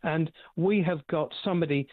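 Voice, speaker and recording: A man's voice: fairly high pitch, no echo. Indignant male caller on a tinny phone line. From England. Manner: indignant, halting with fillers. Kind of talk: phone-in call.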